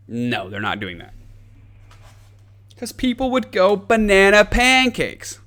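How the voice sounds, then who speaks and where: A man's voice: high voice, huge pitch swings, takes it slowly, long pauses, sharp tone. A man hosting a podcast, ranting in a casual, sarcastic, profane comedic way. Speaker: podcast host.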